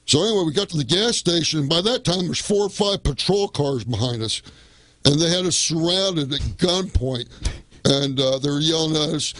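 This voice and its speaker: A man's voice: on the high side, normal speed, gravelly, fairly bright tone, dry recording. A man, a guest on a radio business show, telling a long story in a casual, rambling way and often coming back with "well, anyway".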